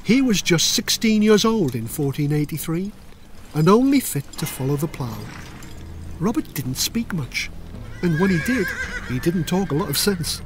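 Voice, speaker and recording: A man's voice: on the high side, big pitch swings, normal speed, noisy background. An older man reading his own children's history book aloud in a playful, dramatic storytelling manner. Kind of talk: audiobook narration for children.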